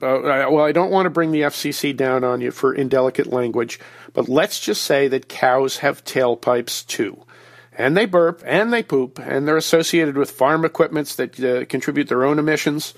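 A man's voice: medium pitch, normal speed. A man who is a regular guest commentator on a radio show, explaining news items over a phone line in a folksy, joking way. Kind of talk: conversational explainer.

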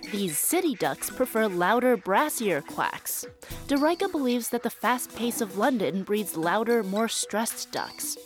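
A woman reading a short science news item in a measured, crisp way. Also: a little high, expressive, faint music behind. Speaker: science reporter. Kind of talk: scripted news report.

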